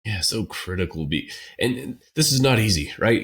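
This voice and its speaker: A man co-hosting a podcast interview, talking in an emphatic, animated way. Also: fairly low pitch, unhurried, hardly any pauses, husky. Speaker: podcast co-host. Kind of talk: casual interview talk.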